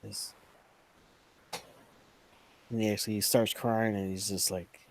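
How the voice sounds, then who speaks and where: A man narrating a tabletop game as game master, halting and full of fillers. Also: on the low side, flat delivery.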